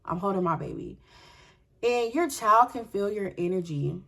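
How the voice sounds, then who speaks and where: A young woman telling a storytime vlog. She is animated and profane and speaks straight to her viewers in a candid way. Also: mid-range voice, moderate pace, gravelly.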